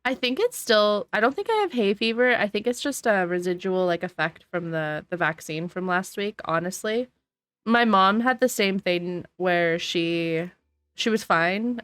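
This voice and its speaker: A woman's voice: on the low side, a bit bright, no echo. A woman streaming a game, chatting casually and answering her chat while sniffly and yawning. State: sniffly and sleepy. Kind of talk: casual gameplay commentary. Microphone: desk microphone.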